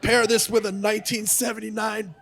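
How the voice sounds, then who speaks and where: A man's voice: sits high, level tone, a little fast, vocal fry, a loud crowd. A man doing a prissy hipster wine snob. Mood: snobbish. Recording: live club audio with background noise.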